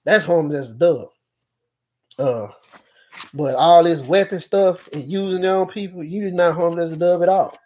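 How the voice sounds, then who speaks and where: A man speaking in a rambling personal monologue, with features, halting often with fillers and restarts. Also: fairly high pitch, dark tone. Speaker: speaker recounting experiences.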